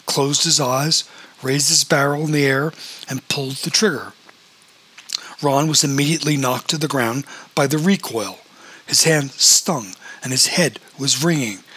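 A man narrating a novel as an audiobook, in a steady storytelling manner. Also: fairly high pitch, slightly rough, low-quality recording.

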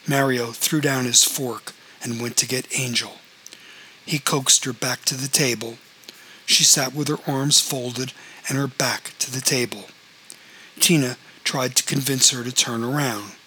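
Man, story narrator, measured reading, bright voice, faint background hiss. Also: medium pitch, low-quality recording.

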